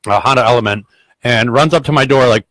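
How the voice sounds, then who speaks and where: A podcast host with a medium-pitched voice talks fast, rambling bluntly through stories in casual chat and swearing constantly. When he retells arguments he gets loud and heated. The audio is poor but has no echo.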